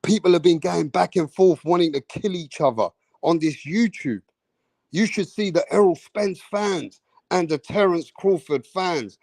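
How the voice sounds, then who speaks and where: A man hosting a boxing livestream, talking in an excitable, profane, hype way. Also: high voice, a little slow, vocal fry, no echo. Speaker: boxing YouTube host. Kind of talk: casual livestream chat.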